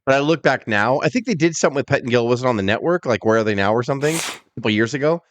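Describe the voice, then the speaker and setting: A man co-hosting a casual wrestling podcast, talking in an animated, profane way and acting out quotes. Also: mid-range voice, rapid-fire, no room sound. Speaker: podcast co-host.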